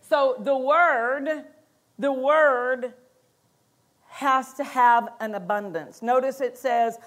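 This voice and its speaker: A woman's voice: high voice, slow pace, a bit bright. A woman pastor preaching a sermon in a conversational way, acting out quotes and laughing between points.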